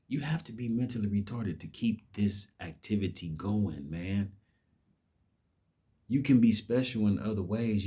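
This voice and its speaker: A man's voice: sits low, normal speed, mellow, slightly rough. A man giving an impassioned, preachy vlog monologue, emphatic and cursing. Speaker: vlogger.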